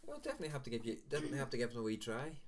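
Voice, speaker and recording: A man's voice: medium pitch, huge pitch swings, racing, a crowd in the background. A man hosting a casual live-stream chat, teasing his co-host in easygoing banter.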